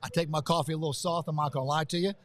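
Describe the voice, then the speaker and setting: A man's voice: fairly high pitch, fairly even intonation, rapid-fire, fairly bright tone. A man being interviewed live at a business conference, pumped up and rambling, often saying how fired up he is. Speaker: event guest. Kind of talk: excited live interview chat. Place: hotel conference venue.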